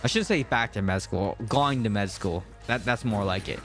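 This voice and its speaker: Over background music, a man in his thirties with a Mid-Atlantic American accent rambles casually on a live game stream, responding to viewer chat. His voice sits lowish and he talks at a normal speed.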